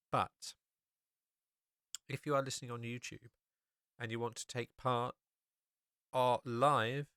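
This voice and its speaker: A man's voice: medium pitch, bright, forceful tone, clear, resonant tone, no room sound, clean studio sound. A man hosting a solo podcast, talking casually and rambling, with many fillers and restarts. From England. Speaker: podcast host.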